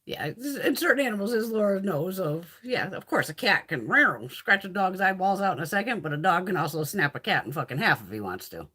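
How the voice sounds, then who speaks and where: A woman's voice: on the low side, sing-song, a little fast, hardly any pauses, sharp tone, breathy edge. A talkative woman hosts a casual livestream and swears freely as she chats with her viewers. Her voice swings up and down a lot while she talks. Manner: chatty, profane, reads and answers viewer comments. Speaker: livestream host.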